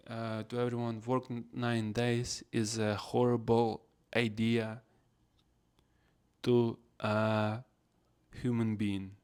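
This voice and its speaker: A man's voice: on the low side, darkish tone, clear, resonant tone. A man hosting a casual solo podcast, rambling in non-native English phrasing. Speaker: podcast host.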